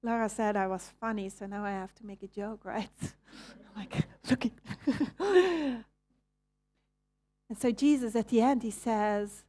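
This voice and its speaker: A woman's voice: mid-range voice, steady tone, a little fast, hardly any pauses, mellow. A woman with a Belgian Dutch accent preaching a sermon in a conversational way, asking the audience questions and correcting herself as she goes. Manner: restarts and self-corrections.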